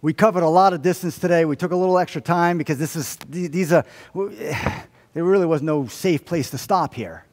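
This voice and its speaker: A man's voice: a little high, a little fast, long reverb tail. A man preaching a sermon as pastor, telling stories with humor and acting out the lines of people in them. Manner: animated storytelling with humor and acted-out quotes. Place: church sanctuary.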